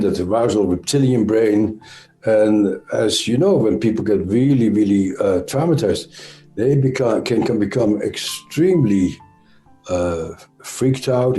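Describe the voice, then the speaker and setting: Mellow Dutch-accented man explaining slowly. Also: medium pitch, reverberant. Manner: thoughtful, halting, frequent "uh" and self-corrections. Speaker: interview guest, trauma expert. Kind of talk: conversational explanation.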